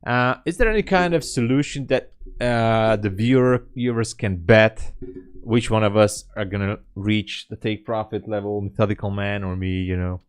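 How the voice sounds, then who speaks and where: A man's voice: on the low side, moderate pace, smooth. A man giving live trading commentary, thinking aloud in a muttering, joking way full of fillers. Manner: muttering, joking, self-talk with sighs and fillers. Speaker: day trader streaming live trades.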